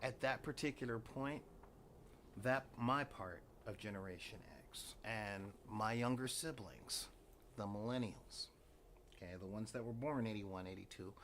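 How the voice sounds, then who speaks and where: A man's voice: fairly low pitch, a little slow, a bit bright, slight background noise. A man in his forties talking casually as host, with wry, dramatic, sighing asides. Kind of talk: casual rambling monologue.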